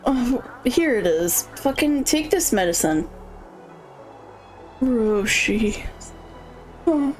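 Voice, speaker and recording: A woman's voice: a little high, animated, drawn-out words, long pauses. A woman streamer reading a game's character lines aloud as she plays, with pleading emphasis and dry asides. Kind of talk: reading game dialogue aloud while playing. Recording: faint game music behind. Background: faint game music.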